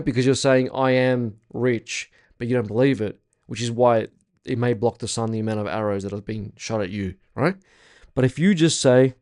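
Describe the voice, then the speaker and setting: A man's voice: mid-range voice, darkish tone. A young man teaching a spiritual workshop in a casual, blunt way, swearing freely and repeating his points with emphasis.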